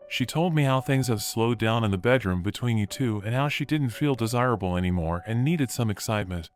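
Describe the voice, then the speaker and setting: A man voicing a tearful adult daughter who pleads apologetically with her father, speaking at an even middle pitch. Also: lightly acted.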